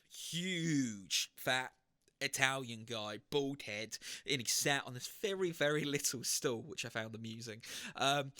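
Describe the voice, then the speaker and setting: A man answering viewer questions in a casual storytelling Q&A, animated and acting out the people in his anecdotes. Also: medium pitch, dry recording, studio quality.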